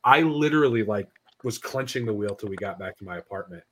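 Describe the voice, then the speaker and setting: A young man with a somewhat low voice tells ghost stories in a loose, casual podcast chat. He is animated and profane, throwing in curses as he talks. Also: fast, breathy edge, low-quality recording. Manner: profane, animated, swears freely.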